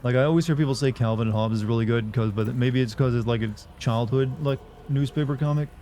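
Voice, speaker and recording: Mellow-voiced man chatting while streaming. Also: medium pitch, quick pace, slight background noise. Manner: rambling, self-mocking, filler-heavy. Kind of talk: casual live game-stream chat.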